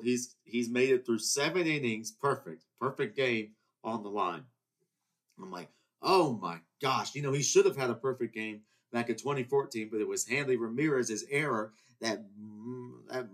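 Young guy doing a solo podcast, rambles a lot, keeps restarting, gets worked up, mid-pitched voice. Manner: rambling and heated, many restarts. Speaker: podcast host. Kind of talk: casual solo monologue.

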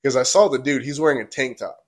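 A man's voice: medium pitch, fast talker. A young man, a podcast host, telling a story casually with many "like"s and acted quotes. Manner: rambling, many "like"s, acts out quotes.

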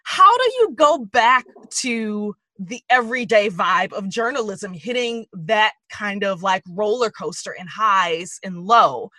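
Bright-voiced woman interviewer, dry sound. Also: mid-range voice, measured pace, few pauses, dry recording. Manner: casual, laughing, swears freely. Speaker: podcast host interviewer. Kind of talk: casual interview questions.

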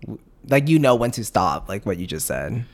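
A man's voice: lowish voice, sing-song, moderate pace. A young man co-hosting a casual podcast, bantering easily and often laughing. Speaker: podcast co-host. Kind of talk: casual chat.

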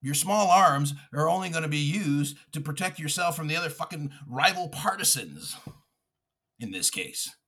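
A fired-up man tears into his targets in a loud, profane political rant. His voice is bright and forceful and sits a little high for a man. He mocks, swears and pushes every point hard. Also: lively intonation, normal speed, breathy edge. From United States. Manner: furious, profane, shouting and mocking. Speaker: podcast host.

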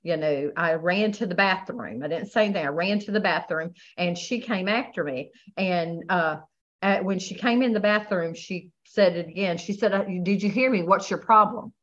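Woman guest, lower voice, halting and hesitant delivery, dull lo-fi recording. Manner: halting, many restarts and "you know". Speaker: guest sharing her testimony. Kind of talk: emotional personal testimony.

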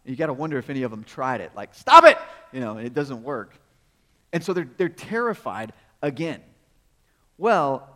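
A man preaching a sermon in a conversational, storytelling way, asking rhetorical questions and chuckling as he goes. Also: fairly high pitch. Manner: chuckles often while speaking. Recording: long reverb of a large hall.

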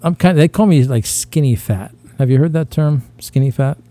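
Male podcast co-host, dark mellow tone, boastful and rambling, crude self-mocking humor. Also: on the high side, normal speed, no room sound. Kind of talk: casual crude comedic banter.

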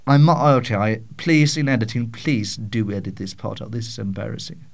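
A man's voice: medium pitch, expressive, a little fast, vocal fry, hardly any pauses, a little mellow. Stammering, rambling man host. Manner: rambling, self-mocking, frequent stammers and swearing. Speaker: podcast host. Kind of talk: casual solo Q&A chat. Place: small home studio.

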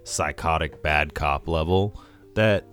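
A man's voice: extremely low pitch, slow pace, fairly bright tone, faint music behind. A man co-hosting a podcast in casual movie-review chat, rambling and hesitant, swearing casually. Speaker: podcast co-host.

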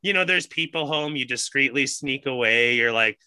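A man's voice: medium pitch, normal speed, bright, forceful tone, clean tone, dry recording. A man hosting a podcast in casual chat, telling rambling stories with a lot of swearing. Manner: swears often, ranting storyteller. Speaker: podcast host.

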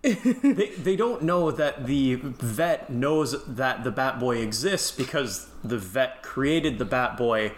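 A man's voice: medium pitch, lively intonation, slow, slight background noise. A young man chatting as a guest, telling stories in a self-deprecating way. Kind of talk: casual chat.

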